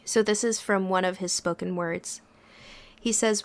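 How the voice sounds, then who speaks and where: A woman therapist talking in a relaxed, reflective way on a podcast, searching for her words with frequent pauses. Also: mid-range voice. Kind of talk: casual reflective podcast talk.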